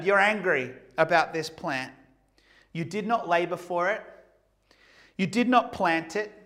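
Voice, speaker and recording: A man voicing God as a patient, fatherly figure who quietly and steadily repeats his rebukes. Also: sits high.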